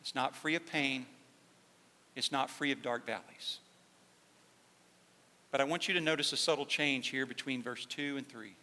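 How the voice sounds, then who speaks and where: A man preaching a sermon as pastor, dropping to a hushed, slow emphasis and then rising to loud, fervent peaks. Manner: swings from hushed, slow emphasis to loud, high-pitched fervor. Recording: long hall reverb.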